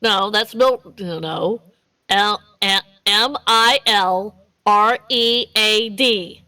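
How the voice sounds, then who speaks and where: A woman's voice: mid-range voice, takes it slowly, sharp tone, dry recording, poor audio. A woman running a tabletop game as game master, chatty and giggly, often stumbling and repeating words. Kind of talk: casual tabletop game narration.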